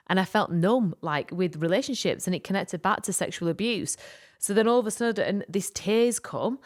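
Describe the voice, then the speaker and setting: A woman co-hosting a podcast, telling a personal story in an animated, rambling way with lots of fillers. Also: mid-range voice, normal speed. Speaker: podcast co-host. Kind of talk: casual storytelling chat.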